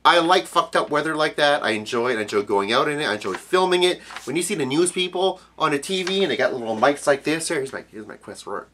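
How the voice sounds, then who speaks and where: A man from Canada's Maritimes ranting profanely in a casual vlog, jumping between loud outbursts and low mutters. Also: brisk. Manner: profane, animated ranting with sudden pitch jumps. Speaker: video blogger.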